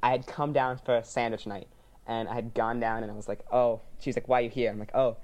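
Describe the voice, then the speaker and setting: A young man, a podcast co-host, telling a lively family story and quoting each line of dialogue. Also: medium pitch, brisk. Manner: animated, quotes people in dialogue. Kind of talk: casual storytelling chat.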